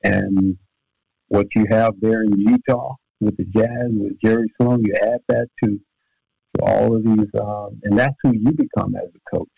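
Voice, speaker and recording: A man's voice: lowish voice, fairly even intonation, gravelly, slightly rough, dry recording. An older man, a former basketball player and coach, telling stories in a podcast interview with frequent fillers and restarts. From Louisiana. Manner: unhurried storytelling with many fillers and restarts. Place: home office. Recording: dull lo-fi dry remote audio.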